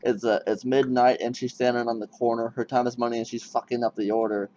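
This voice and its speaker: Through a muffled, lo-fi recording with faint noise, a fast-talking man of medium pitch interviews a musician in a relaxed conversation. He spins stories animatedly, voicing what people said.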